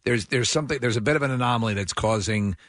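A man's voice: mid-range voice, fast, a bit bright, dry recording, studio quality. A man co-hosting a morning radio show, trading sarcastic jokes in casual banter. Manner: joking, sarcastic asides. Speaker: radio co-host.

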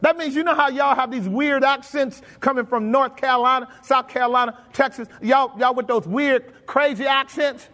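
A man's voice: extremely high pitch, fairly even intonation, normal speed, hardly any pauses, pushed and bright. A pastor preaching a sermon, asking his congregation questions and slipping into folksy, colloquial phrasing. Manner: colloquial, drops into folksy grammar. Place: church sanctuary. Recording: long reverb of a church hall.

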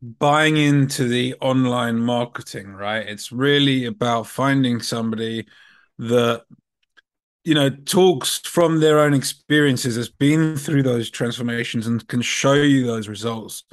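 A man of middle pitch hosts a casual podcast. He builds on his guest's points in a reflective, affirming way. He leans on fillers as he thinks out loud. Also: steady tone, a little slow. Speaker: podcast host.

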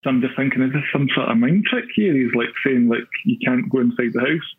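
A man's voice: medium pitch, quick pace, a little hiss or hum. A young Scottish man with a Glaswegian accent, telling a long story casually as a podcast guest, full of fillers and self-deprecating asides. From Scotland. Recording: tinny phone-like line.

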